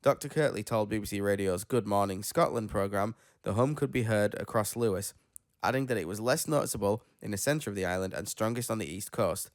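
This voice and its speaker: A tired man with a lowish voice hosts a casual podcast, reading news stories aloud and wandering off into his own stories. He stumbles over unfamiliar names and laughs at himself. The sound is close and dry, with no room around it. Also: a little fast, no room sound. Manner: rambling, self-deprecating, stumbles over names. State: tired after being ill. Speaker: podcast host.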